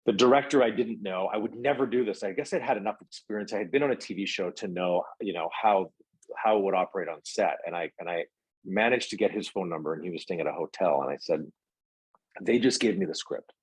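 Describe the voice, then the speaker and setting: A man's voice: sits low, fast, breathy edge, no echo, rough recording. A middle-aged man, an actor guest, telling stories in a casual interview with lots of fillers and restarts. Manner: rambling, many fillers and restarts.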